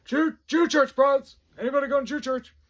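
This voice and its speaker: Man voicing blunt, shouting drill sergeant, high and loud, husky edge. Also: lively intonation, a little fast, heavily acted. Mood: yelling. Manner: yelling. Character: loud barking male army drill sergeant.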